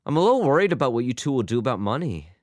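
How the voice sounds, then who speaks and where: A man's voice: medium pitch, very animated, normal speed, no room sound, studio quality, voice pushed up, natural voice. A man reading a story voices a tired middle-aged father in a wry, worn tone. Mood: uneasy.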